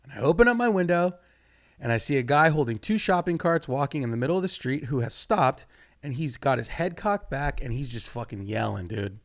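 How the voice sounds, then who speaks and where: A young man doing a stand-up comedy set, rambling and profane, jumping suddenly to loud outbursts. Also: medium pitch, lively intonation, a little fast.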